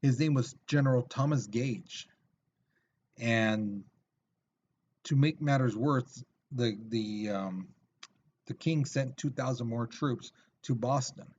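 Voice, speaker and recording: A man's voice: mid-range voice, takes it slowly, darkish tone, muffled recording, a little hiss or hum. A male teacher giving a recorded video lesson in a casual, chatty way with lots of fillers.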